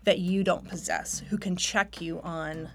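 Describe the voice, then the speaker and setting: A novelist originally from North Carolina, her accent long gone, tells stories in a candid, self-deprecating radio interview and laughs often. Her voice sits on the low side, with a steady tone and a measured pace.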